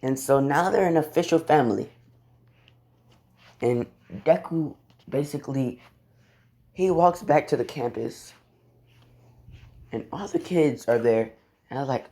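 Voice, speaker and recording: A man's voice: mid-range voice, a little slow, vocal fry, pauses often, dark tone. A young man casually retelling a fan story from his bedroom, rambling and swearing offhandedly. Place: bedroom at home.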